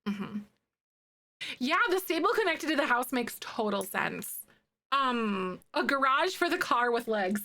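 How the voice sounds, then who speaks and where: With a fairly high pitch and a sharp tone, a young woman chats casually while streaming a life-sim game. She comes across bubbly and chatty, leaning heavily on "like" and answering what viewers write in chat.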